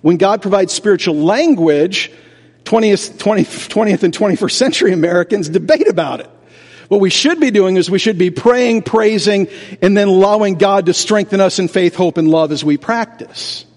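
Casting: male pastor, high voice, animated sermon delivery, rhetorical, long church reverb. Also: normal speed. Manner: animated, rhetorical questions, acts out doubters. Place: church sanctuary. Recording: reverberant large hall.

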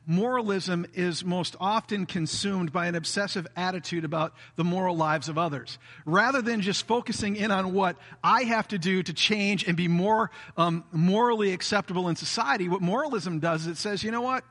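Man, pastor, sermon, high bright voice, long hall reverb. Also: normal speed. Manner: earnest preaching with brief acted quotes of a self-righteous voice.

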